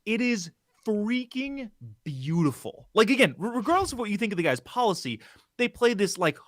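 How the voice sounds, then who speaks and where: Young guy comedian rambling on a stream, kinda high voice, dry sound. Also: very animated, normal speed, a bit bright, dry recording. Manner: rambling, self-interrupting, hesitant fillers. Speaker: guest, comedian. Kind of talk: casual political chat.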